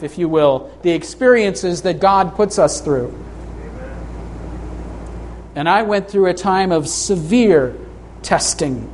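A middle-aged pastor preaching a sermon to his congregation, his voice a touch higher than most men's. He speaks earnestly, slowing down for scripture and lifting his voice on the key points. A faint hum of room noise sits under him. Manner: earnest, rises in pitch for emphasis, reads scripture slowly. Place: church sanctuary.

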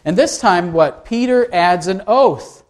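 A man's voice: high voice, lively intonation, unhurried. A man preaching a sermon in a conversational way, asking his listeners rhetorical questions. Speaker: pastor.

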